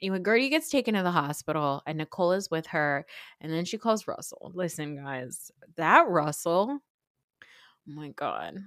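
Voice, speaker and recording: A woman's voice: deep voice, moderate pace, no room sound, clean studio sound. Gossipy woman podcaster recapping, swearing. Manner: gossipy, animated, swears freely. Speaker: podcast host. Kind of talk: casual reality-TV recap.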